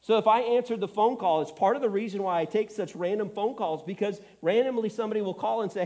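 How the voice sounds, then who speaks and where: Middle-aged preacher guy, kinda high but mellow voice, earnest and self-deprecating, choked up. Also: fast talker, hardly any pauses. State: tearful, choked up. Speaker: pastor. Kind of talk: sermon.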